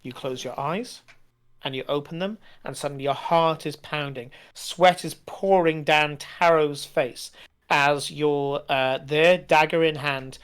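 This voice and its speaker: A man narrating as game master, halting with frequent fillers as he describes scenes. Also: a little high, fairly bright tone, clear, resonant tone.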